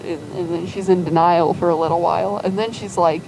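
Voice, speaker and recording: A woman's voice: on the low side, steady tone, a little fast, gravelly, few pauses, warm tone, slight background noise, poor audio. A woman casually telling a rambling fan story, acting out quoted lines and filling with "like". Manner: rambling, full of "like" and quoted voices.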